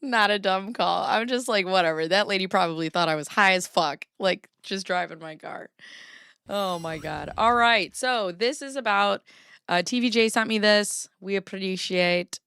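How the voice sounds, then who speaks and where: A woman's voice: mid-range voice, normal speed, fairly bright tone, clear, resonant tone, no room sound, studio quality. A woman hosting a casual live reaction stream, chatty and profane, rambling through stories and laughing often. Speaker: live-streaming commentary host.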